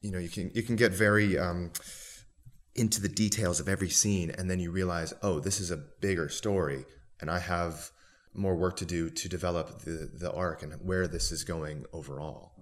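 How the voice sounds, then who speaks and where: A man's voice: sits low, steady tone, moderate pace. A man, a stage actor, talking in an interview in a rambling, hesitant way with many fillers. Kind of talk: interview conversation.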